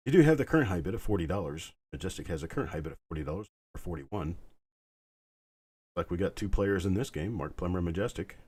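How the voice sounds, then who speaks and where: Male auction host, deep voice, slightly husky, calm and soothing bid calls. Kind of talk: live online auction calling.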